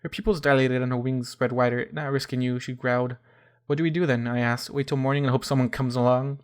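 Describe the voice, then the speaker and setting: A man's voice: medium pitch, fairly even intonation, quick pace, clear, resonant tone, close to an everyday voice. A man voicing a frightened, lovesick young female pony princess in an audio reading, whimpering and stammering. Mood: strained.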